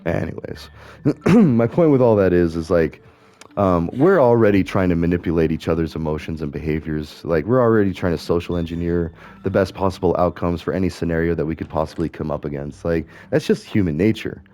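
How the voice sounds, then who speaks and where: A man's voice: low voice, fairly quick, warm tone. A middle-aged man talking in rambling, casual commentary as he plays a game, musing aloud and correcting himself as he goes. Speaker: gaming streamer.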